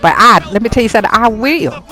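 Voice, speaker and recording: A woman's voice: on the high side, animated, fast talker, pushed and bright, soft background music. A woman voicing a hot-tempered young man who blusters and threatens in street slang, for a life-sim game story. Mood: angry.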